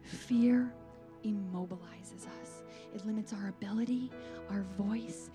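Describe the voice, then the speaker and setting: A woman's voice: medium pitch, unhurried, faint music behind. A woman giving a devotional sermon talk, earnest and emphatic, mixing preaching with casual asides.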